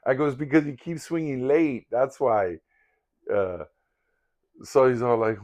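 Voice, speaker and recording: Older man, somewhat low voice, rambling and candid, reflective personal story vlog. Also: moderate pace, a little mellow, highs cut off. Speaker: vlogger in sobriety recovery.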